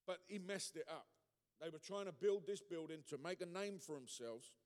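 A man with a high voice preaches a sermon, punching key words and building to loud peaks. He keeps turning to the congregation with asides and questions. His voice rings out with a long reverb in a large church hall. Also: lively intonation, normal speed.

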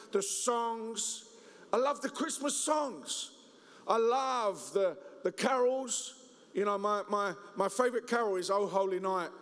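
A man preaching a humorous Christmas sermon, joking and telling stories in an animated way. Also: high voice. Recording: reverberant hall.

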